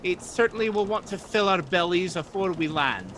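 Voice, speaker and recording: Male GM voicing a bright-toned old woman cook, quaint speech. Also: high voice, expressive, normal speed, slight background noise, voice pushed up. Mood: chirpy. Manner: homely, old-fashioned speech.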